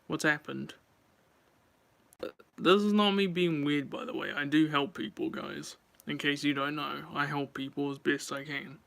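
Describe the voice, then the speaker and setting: A man's voice: fairly high pitch, steady tone, measured pace, gravelly, a bit bright. A man chatting casually on a live stream, rambling and talking straight to his viewers.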